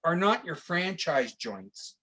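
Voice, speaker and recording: Guy guest on a chat, talks a lot, tells stories, voice a bit high. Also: slow pace. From Canada. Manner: chatty, animated storyteller, laughs along. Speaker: guest psychic medium. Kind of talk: casual chat.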